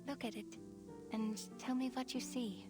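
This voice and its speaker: A calm, mysterious arcane woman voiced by an actress. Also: on the high side, measured pace, over loud music, close to an everyday voice. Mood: coaxing.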